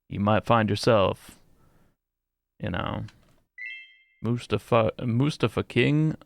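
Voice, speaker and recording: A man's voice: fairly low pitch, slow, gravelly, long pauses, no room sound. A man streaming a game, rambling casually, swearing often and riffing on silly name puns. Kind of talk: casual live-stream chatter while gaming.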